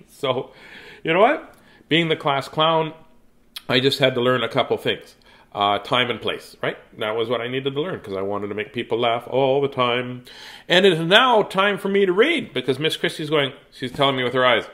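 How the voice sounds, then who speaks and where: A man's voice: mid-range voice, animated, moderate pace, a bit bright. A man from Canada telling a funny story and reading a children's book aloud in a playful, joking way.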